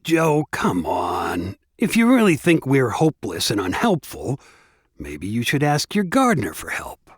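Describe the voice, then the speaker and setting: Narrator doing a condescending, snappy man, husky, animated. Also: fairly high pitch, normal speed, few pauses, no room sound, studio quality. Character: adult man, frustrated, condescending friend.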